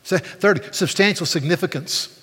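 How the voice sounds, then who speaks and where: A man preaching in a lively, animated manner, often stumbling over and repeating words. His voice sits a little high with a husky edge. The sermon rings out with a long reverb from a large hall. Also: moderate pace. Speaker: pastor.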